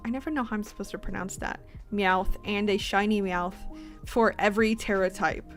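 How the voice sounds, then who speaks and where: A woman's voice: mid-range voice, fairly even intonation, normal speed, faint music behind. A sleepy woman streamer chatting casually with her viewers, rambling and giggling between fillers.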